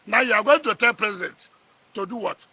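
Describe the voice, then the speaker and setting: A man's voice: high-pitched, brisk, bright, forceful tone, husky. A middle-aged man with a Nigerian accent, a politician sparring in a heated press interview, combative and scoffing, repeating his words.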